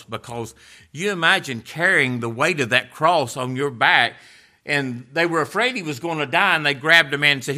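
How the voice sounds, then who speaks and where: A middle-aged male preacher delivers a dramatic sermon at a very slow, deliberate pace. His voice is bright and forceful, with a medium pitch. He swings from loud, passionate passages to hushed, almost whispered words.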